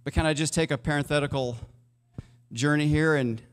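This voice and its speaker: A man's voice: on the high side, fairly even intonation, a little fast, in a large hall. A male pastor preaching a sermon in a conversational way, asking his listeners questions. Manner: conversational, asks the congregation questions. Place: church sanctuary.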